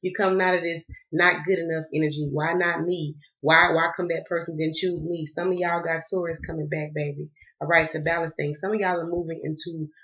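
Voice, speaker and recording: A man's voice: a little high, level tone, fairly quick, hardly any pauses, bright, forceful tone. Folksy Southern man reading tarot. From Southern United States. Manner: folksy and profane, calls viewers y'all and baby. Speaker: tarot card reader. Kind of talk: casual tarot reading to viewers. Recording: muffled lo-fi audio with faint hiss.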